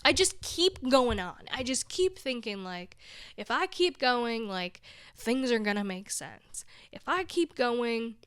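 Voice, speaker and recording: A young woman rambles through her own podcast in a casual monologue, laughing at herself while sounding drained and close to tears. Her voice is smooth and clear, pitched slightly high, and she takes her time. The recording is dry, with no room echo. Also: sing-song, slow, a bit bright. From big city. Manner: rambling, self-deprecating, laughs often. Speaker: podcast host.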